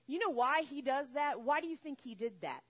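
A woman preaching a sermon, retelling a story with lively acted-out voices. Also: high-pitched, normal speed. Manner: animated, acts out voices in the story. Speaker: pastor.

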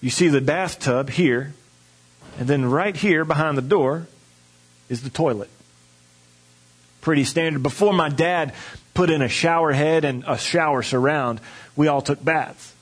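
A man's voice: fairly high pitch, unhurried, long pauses, breathy edge. A man preaching a sermon, telling a folksy personal story and acting out the voices of the people in it.

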